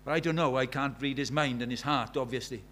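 A man's voice: medium pitch, brisk, a bit bright. A man preaching a sermon, emphatic, repeating key phrases and asking the listeners rhetorical questions.

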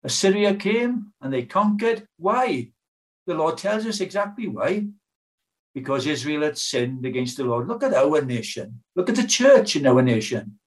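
A man's voice: fairly high pitch, very animated, normal speed. An older British man preaching a sermon in an earnest, pleading way, asking his hearers many questions.

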